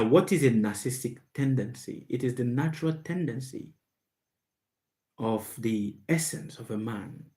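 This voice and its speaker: A man hosts a live question-and-answer stream in an unremarkable mid-range voice. He speaks slowly and with heavy emphasis, repeating key words so they sink in. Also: medium pitch, dark tone. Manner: slow, emphatic and repetitive, stressing words. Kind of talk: live Q&A monologue.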